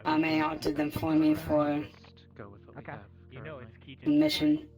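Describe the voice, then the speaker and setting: A woman's voice: low-pitched, sing-song, slow pace, mellow, soft background music, low-quality recording. A woman chatting in character during a role-play game, teasing and chatty. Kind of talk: in-character casual chat.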